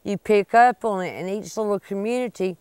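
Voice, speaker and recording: A woman's voice: mid-range voice, a little fast, a little mellow, clear, resonant tone, no echo. A woman teacher with an Outer Banks brogue speaking plainly and proudly in an interview. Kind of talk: casual interview.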